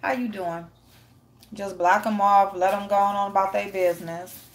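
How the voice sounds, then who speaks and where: A woman's voice: mid-range voice, fairly even intonation, normal speed. A woman hosting a casual live stream, reading chat and greeting viewers by name, blunt and profane with frequent laughter.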